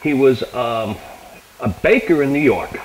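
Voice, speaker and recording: A man's voice: medium pitch, expressive, a little slow, a little hiss or hum, rough recording. A man hosting a casual phone interview, rambling a little and chuckling often. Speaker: radio host.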